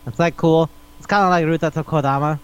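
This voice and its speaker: Podcast co-host, male, fairly high voice, rambling and profane, dull lo-fi mic. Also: quick pace, smooth. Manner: animated, rambling, swears freely. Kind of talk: casual chat.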